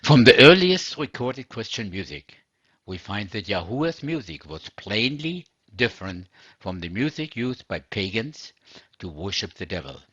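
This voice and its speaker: A man reads a sermon in a measured, earnest way. His voice sits low and husky. The recording is dry and dull. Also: sing-song, fairly bright tone, no echo. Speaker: religious teacher. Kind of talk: scripted sermon narration.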